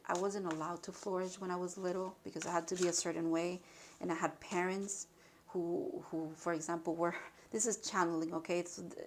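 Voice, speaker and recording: A woman giving an intuitive spiritual card reading, emotional and halting, with sighs and restarts. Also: lowish voice, darkish tone.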